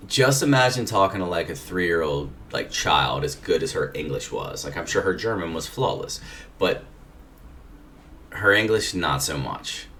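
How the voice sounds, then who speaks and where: A man with a very low voice spins a rambling, profane anecdote in a laid-back storytelling manner. The mic sits some way off. A faint background noise runs underneath. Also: animated, a little slow, sharp tone, distant mic. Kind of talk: casual anecdote telling.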